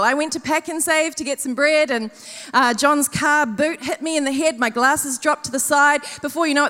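A woman tells animated, self-mocking stories from the stage, acting out her own panic and other people's lines. Her voice sits high, and a long reverb trails behind it in a large hall. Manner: animated, self-mocking storytelling with acted-out quotes. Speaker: conference speaker. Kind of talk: storytelling sermon.

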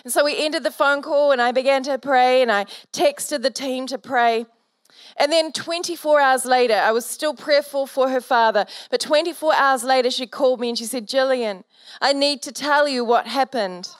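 A woman's voice: high-pitched, moderate pace, no room sound, studio quality. A woman pastor preaching a sermon, telling a story earnestly and building to fervent exhortation.

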